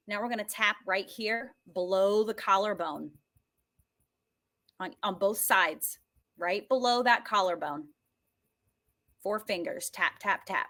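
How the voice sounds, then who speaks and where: A woman guiding a tapping and healing session, talking slowly and emotively with many sighs, and coaxing listeners to repeat her phrases. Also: medium pitch, fairly bright tone. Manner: slow, breathy, emotive, with frequent sighs.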